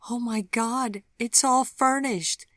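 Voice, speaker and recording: A woman's voice: on the high side, unhurried, dry recording, clean studio sound, voice pushed up, natural voice. A woman doing a tearful overjoyed young mother. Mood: tearful joy. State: tearful, hoarse with emotion. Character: tearful young mother near thirty, overwhelmed with joy.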